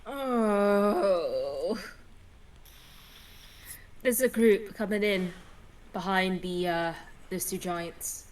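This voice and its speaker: A woman's voice: medium pitch, very slow, long pauses. A woman playing in a tabletop role-play game over a call, giving short replies. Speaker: player.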